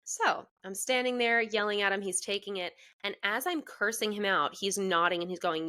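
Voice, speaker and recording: A young woman speaks into a podcast microphone at a medium pitch, telling her story with lively, unfiltered energy. She swears freely and laughs through the tale. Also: normal speed, few pauses. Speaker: podcast co-host. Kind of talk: casual storytelling chat.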